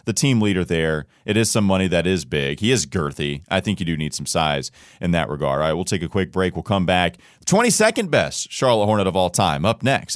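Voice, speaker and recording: Lively low-voiced man hosting a sports podcast. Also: fairly quick, few pauses, no echo, clean studio sound. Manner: animated, jokey, self-deprecating. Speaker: podcast co-host. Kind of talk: casual sports podcast chat. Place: studio.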